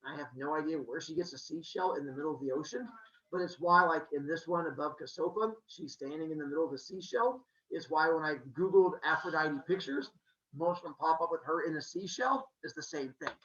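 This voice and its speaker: A male teacher telling myths to a classroom as an animated, joking storyteller who quizzes his students. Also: fairly high pitch, a little fast, reverberant. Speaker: middle school teacher. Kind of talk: classroom lesson on mythology. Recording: dull lo-fi classroom recording.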